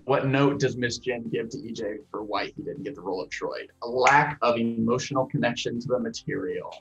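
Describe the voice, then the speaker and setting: A man's voice: mid-range voice, a little fast. Guy in his 20s rambling through trivia answers, laughs at himself, kinda dull sound. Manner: chatty, self-deprecating, thinks out loud. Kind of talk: casual trivia chat.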